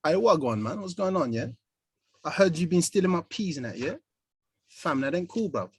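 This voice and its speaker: A man's voice: a little high, lively intonation, normal speed, slightly rough, no echo, heavily acted. A man voicing a swaggering young tough with slangy, confrontational talk. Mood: menacing. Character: swaggering young male London street tough.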